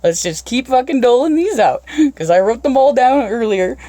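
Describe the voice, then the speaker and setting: A woman's voice: fairly high pitch, expressive, moderate pace, warm tone, dry recording. Foul-mouthed woman telling stories. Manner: swears constantly, laughs through stories. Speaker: podcast host. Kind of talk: casual storytelling chat.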